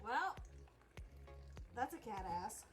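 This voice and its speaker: A woman's voice: high-pitched, very animated, measured pace, music in the background, rough recording. A young woman chatting casually on a home vlog, swearing, laughing and ranting about her cat and her neighbors, filmed on a phone. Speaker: vlogger. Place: home, bathroom and office.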